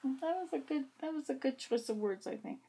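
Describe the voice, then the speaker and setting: A woman's voice: high-pitched, animated, brisk, mellow, breathy edge. A woman vlogging to camera, chatting in a rambling, meandering way with little asides to herself. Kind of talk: casual chat to camera. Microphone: camera facing her like a mirror.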